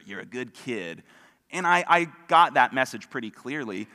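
A man preaching a sermon in a relaxed, conversational way, with dry humor. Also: medium pitch. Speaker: pastor. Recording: long reverb of a hall.

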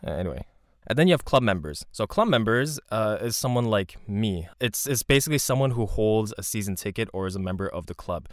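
A man's voice: lowish voice, no room sound, clean studio sound. A man from Canada giving a rambling, conversational monologue with frequent asides and restarts. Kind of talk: casual monologue.

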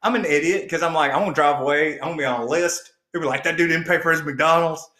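A man's voice: on the high side, fast, sharp tone. A man co-hosting a podcast, telling a long rambling story with lots of swearing and laughter. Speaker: podcast co-host. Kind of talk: casual storytelling chat. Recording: echoey room.

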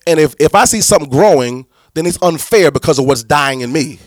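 A man's voice: a little high, lively intonation, brisk, dry recording, clean studio sound. A man, a pastor, teaching church leaders in a preaching style, emphatic and repetitive with many restarts.

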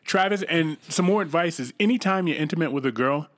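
Animated, crude-talking man. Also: fairly high pitch, fairly quick. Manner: crude, joking, reads listener emails aloud. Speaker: podcast co-host. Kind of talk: casual chat.

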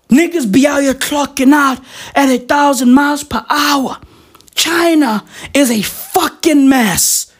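A woman with a South African accent delivering a rambling, profane comic rant full of slang. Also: high-pitched.

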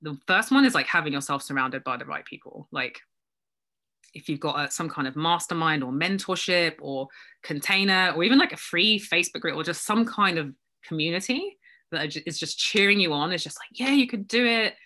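Bright-voiced woman, reflective and laughing. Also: deep voice, expressive, brisk. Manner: reflective, self-deprecating, laughs often. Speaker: guest, business coach. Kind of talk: casual conversational interview.

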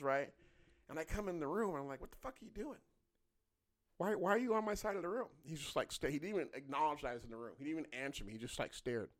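A man in his fifties telling stories in casual chat, acting out quotes in a raised voice and swearing freely. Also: fairly high pitch. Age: 50s.

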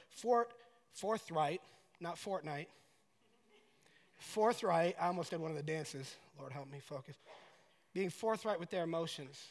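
A man from Colorado preaches with a very high voice, joking casually with the room. His sermon swells into loud, heartfelt paraphrases. The sound carries a long reverb, as from a large hall. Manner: conversational, joking, builds to loud emotional paraphrase. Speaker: pastor.

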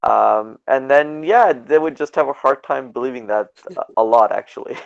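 A man from Canada, a podcast guest, telling stories in a casual, animated way and acting out the people he quotes. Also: mid-range voice, normal speed, vocal fry, smooth. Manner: animated, acts out dialogue in quoted voices, laughs often. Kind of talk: casual storytelling in a podcast interview. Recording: dull lo-fi podcast audio.

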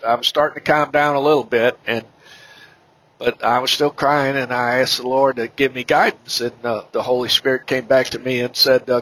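A middle-aged man with a bright, forward voice tells a personal testimony as a podcast guest. His delivery is halting, full of fillers and restarts, at an everyday pitch for a man. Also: low-quality recording.

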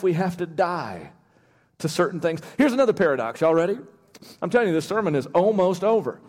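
Male pastor, sermon, emphatic, near-shouting peaks, fairly high voice, long church reverb. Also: big pitch swings, brisk. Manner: emphatic, rising to near-shouting, with restarts and chuckles.

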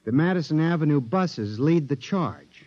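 A man's voice: on the high side, animated, normal speed, mellow. An actor playing a paranoid man accused of murder, narrating and pleading in an old-time radio drama. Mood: feverish. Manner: agitated, pleading, rising to screams. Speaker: narrator and lead character. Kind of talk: 1950s radio drama acting. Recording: dull old radio recording.

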